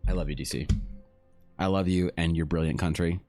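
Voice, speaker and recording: A man's voice: sits low, fairly even intonation, fairly quick, a little mellow, faint music behind. A man chatting casually on a live stream while drawing, joking and swearing with self-mocking humor.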